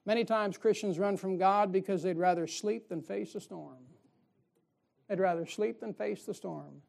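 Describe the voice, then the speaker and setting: A man's voice: high-pitched, moderate pace, gravelly, a little mellow. Folksy preacher guy delivering a sermon, throwing questions at the pews. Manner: folksy, fires rhetorical questions at the congregation. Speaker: pastor.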